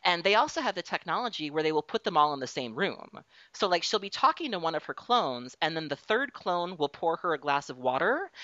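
A woman hosting a casual interview, telling stories in an excitable, animated way. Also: deep voice, no room sound, muffled recording.

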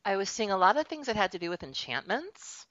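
A woman chatting casually on a podcast, playful and expressive, asking questions and laughing. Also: mid-range voice, quick pace, dry recording. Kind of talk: casual chat. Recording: dry, dull lo-fi audio.

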